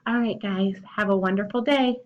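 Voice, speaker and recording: A woman teacher giving a remote phonics lesson to young children, slowly sounding out and spelling words. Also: medium pitch. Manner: slow, drawn-out word sounding and spelling. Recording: dull lo-fi audio.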